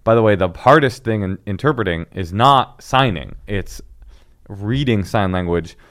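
A man, a former sign language interpreter, telling animated stories in casual chat and acting out voices. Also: fairly low pitch, normal speed. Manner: animated storytelling, acts out voices.

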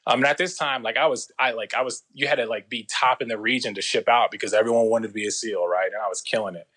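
A man telling a long story in a casual interview, slangy and profane, with loose rambling restarts and quick impressions of other people. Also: mid-range voice, fairly even intonation, a bit bright, husky. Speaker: guest.

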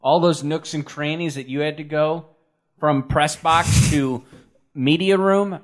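A man's voice: on the high side, unhurried. A man co-hosting a podcast, in casual chat with teasing, joking banter. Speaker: podcast co-host.

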